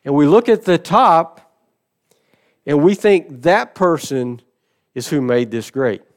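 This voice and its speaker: A middle-aged man delivers a sermon from the pulpit. His voice sits a little high for a man and stays smooth and resonant. He tells stories with dramatic drops to near quiet and bursts of loud emphasis. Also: animated. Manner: storytelling with dramatic shifts in loudness and slow emphatic phrasing. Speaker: pastor.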